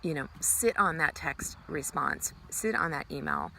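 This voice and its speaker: Earnest woman with a gravelly, bright voice. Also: sits low, huge pitch swings, a little slow, a little hiss or hum. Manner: earnest, many "um" fillers, acts out quoted greetings brightly. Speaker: ministry speaker giving life tips. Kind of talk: casual motivational talk.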